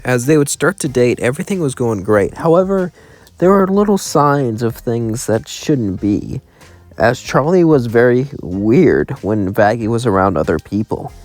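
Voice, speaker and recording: A man's voice: medium pitch, expressive, unhurried, darkish tone, dry recording, soft background music. A man casually narrating a fan story in a loose, rambling way.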